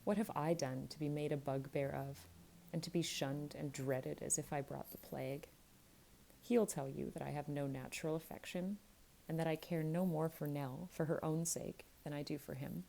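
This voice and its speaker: Sneery bitter young guy from a storybook, read by a woman with a low gravelly voice. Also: fairly even intonation, moderate pace, mellow, a little hiss or hum, low-quality recording. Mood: defiant. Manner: sneering, defiant.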